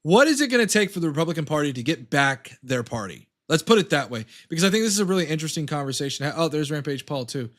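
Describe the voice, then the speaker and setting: A man's voice: a little high, sing-song, fast, few pauses, fairly bright tone. A man hosting a casual livestream talk show, rambling and hesitant with many fillers.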